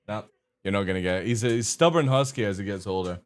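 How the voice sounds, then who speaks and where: A man streaming live, chatting casually to his viewers and coaxing his dogs with a high sing-song voice. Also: fast talker.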